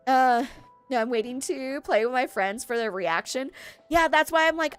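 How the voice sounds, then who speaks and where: A young adult woman live-streaming a game, chatting casually with friends, excitable, giggly and easily flustered. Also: high voice, moderate pace, clean tone, faint music behind. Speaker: streamer hosting a game party.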